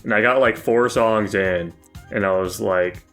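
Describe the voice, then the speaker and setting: Low-voiced man rambling in podcast chat. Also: a little slow, fairly bright tone, faint music behind. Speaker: podcast co-host reviewing an album. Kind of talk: casual chat.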